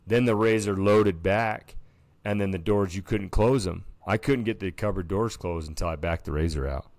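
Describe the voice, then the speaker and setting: A man's voice: sits low, moderate pace, a little mellow, dry recording. A man co-hosting a casual podcast, telling a story animatedly and peppering it with filler words. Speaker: podcast co-host. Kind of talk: casual chat.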